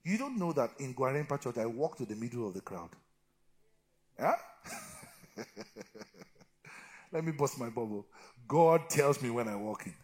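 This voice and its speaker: A man's voice: expressive, normal speed, pauses often. Impassioned middle-aged male preacher. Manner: swings between loud shouted exhortation and low, quiet talk; calls for amens and answers from the congregation. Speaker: pastor. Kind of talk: sermon.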